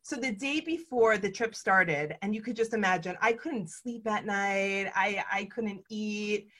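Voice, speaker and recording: A woman hosting a conversation and telling a personal story in a casual, animated way, acting out the dialogue. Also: mid-range voice, measured pace. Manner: animated, acts out dialogue, frequent "like". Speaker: host.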